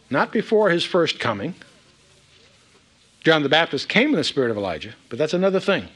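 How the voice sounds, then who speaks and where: A man's voice: on the high side, very animated, brisk, fairly bright tone. A man giving a verse-by-verse Bible teaching, reading scripture aloud with emphatic asides.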